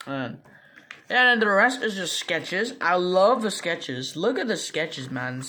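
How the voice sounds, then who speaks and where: A man's voice: a little high, sharp tone, slight background noise. A young man casually recapping a comic book, rambling with lots of fillers, restarts and slang.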